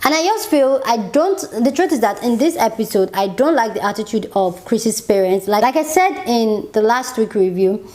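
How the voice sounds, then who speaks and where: A woman's voice: fairly high pitch, animated, moderate pace, mellow. A woman giving a casual, opinionated reaction review of a TV show, chatty and exasperated, with frequent "like" fillers.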